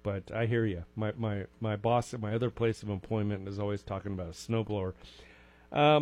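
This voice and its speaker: A man's voice: fairly low pitch, brisk, a little mellow. Wry rambling male radio host. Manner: rambling, wry, reads listings with asides. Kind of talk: casual local radio chat.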